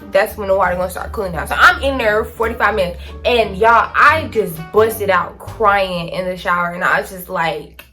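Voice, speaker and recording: Teen woman vlogger, bright and forceful voice, pitched a little high, dramatic casual storytelling into a phone. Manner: dramatic, animated storytelling with slang. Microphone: phone camera.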